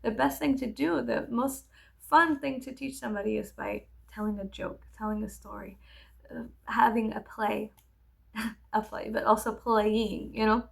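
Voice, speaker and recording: A woman's voice: on the high side, steady tone, measured pace, creaky. A woman vlogger telling a candid, rambling story in casual get-ready-with-me chat, swearing freely.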